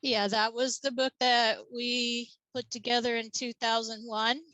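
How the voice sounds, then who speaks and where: A woman's voice: on the high side, level tone, measured pace, bright, forceful tone, no echo, rough recording. A woman guest in a casual interview, telling her story in a matter-of-fact way with light laughs.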